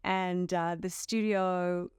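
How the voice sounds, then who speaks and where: Smooth-voiced Australian actress in an interview. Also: female voice, lowish voice, steady tone, slow pace, dry recording, studio quality. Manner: warm storytelling with playful quoted asides. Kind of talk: casual interview chat.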